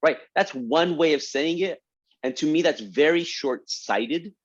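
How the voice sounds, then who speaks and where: A man's voice: fairly high pitch, a little slow, husky. A man hosting an interview, talking enthusiastically and turning to speak straight to his audience. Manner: enthusiastic, addresses the audience directly. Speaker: interview host. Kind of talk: conversational interview. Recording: dull lo-fi sound.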